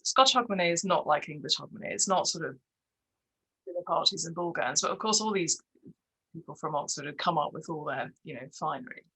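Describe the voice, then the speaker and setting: A woman's voice: lowish voice, sharp tone, husky, rough recording. A woman, an interview guest, chatting and telling anecdotes with frequent laughter. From Scotland. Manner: chatty storyteller, laughs often. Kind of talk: casual conversation.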